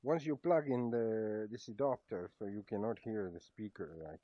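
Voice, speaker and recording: A man casually demonstrating a gadget, talking haltingly, repeating words as he tries things out live. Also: lowish voice, no room sound. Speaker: product reviewer. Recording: dull lo-fi sound.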